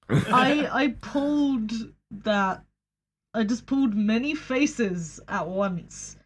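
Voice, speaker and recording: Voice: mid-range voice, expressive, slow, a little hiss or hum. A podcast co-host in casual chat, dry and wry, laughing through complaints.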